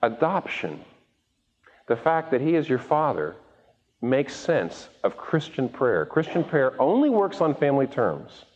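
A male preacher delivers a sermon with a wide-ranging, animated voice, often repeating a word as he restarts. He acts out the voices of the people he quotes. The recording is dull and muffled, with long reverb from a large hall. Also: mid-range voice, a little slow, slightly rough. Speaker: pastor.

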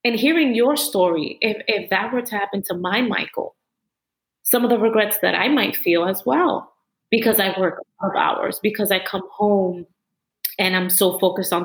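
A woman's voice: mid-range voice, moderate pace, poor audio. A woman hosting a casual interview, speaking in an openly emotional, reflective way. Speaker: host.

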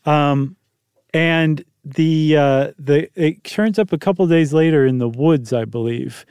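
A man co-hosting a podcast in relaxed, joking chat, rambling a little with fillers. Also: a little high, slow pace, smooth, dry recording. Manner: rambling, jokey, many fillers. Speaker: podcast co-host. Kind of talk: casual conversational chat.

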